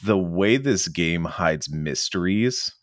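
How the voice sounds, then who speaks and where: A man co-hosting a casual podcast chat, enthusiastic and fond of acting out characters in quick silly voices. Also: sits low, lively intonation, a bit bright, no room sound, studio quality. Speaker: podcast co-host.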